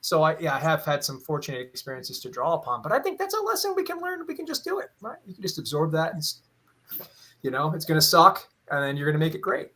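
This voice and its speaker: Bright-voiced joking male podcast guest. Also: on the high side, wildly swooping pitch, quick pace, low-quality recording. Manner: self-deprecating storyteller, jokey. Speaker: podcast guest and magazine contributor. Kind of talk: casual podcast chat.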